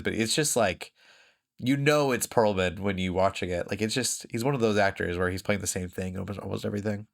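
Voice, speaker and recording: A man's voice: fairly low pitch, vocal fry. A man co-hosting a podcast in casual chat, rambling with lots of fillers and frequent laughs. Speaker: podcast co-host.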